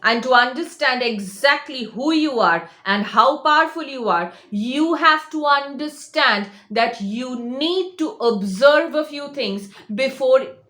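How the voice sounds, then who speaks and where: A fairly high-voiced woman talks straight to her viewers as a coach. She is insistent and emphatic, hammering on the same points again and again. The room around her rings with echo. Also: animated, slow pace, few pauses, sharp tone. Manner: insistent, repeats herself, emphatic. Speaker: manifestation coach. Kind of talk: direct-to-camera motivational talk.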